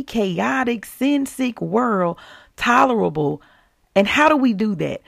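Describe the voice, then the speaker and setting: A woman's voice: medium pitch, creaky, no echo, studio quality. A woman hosting a Christian devotional podcast, exuberant and laughing as she calls out to her listeners.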